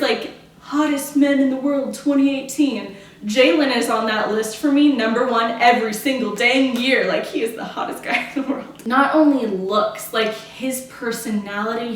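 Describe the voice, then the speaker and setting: A woman's voice: on the high side, far from the mic. A young woman telling a casual, earnest story on her vlog, chatty and full of "like" and "you know". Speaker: vlogger. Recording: echoey room, voice off-mic, faint hiss.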